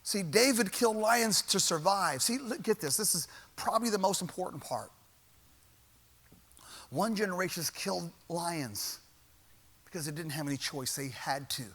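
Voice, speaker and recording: Bright high-voiced male pastor preaching. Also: animated, moderate pace. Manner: preaching with rising intensity and repeated refrains. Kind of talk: sermon. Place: church.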